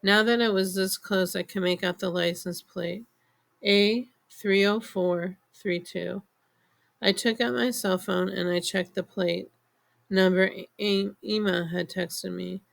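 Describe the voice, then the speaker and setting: A woman narrating a novel in the first person, in measured storytelling. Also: mid-range voice, steady tone, creaky. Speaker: audiobook narrator. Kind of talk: scripted audiobook narration.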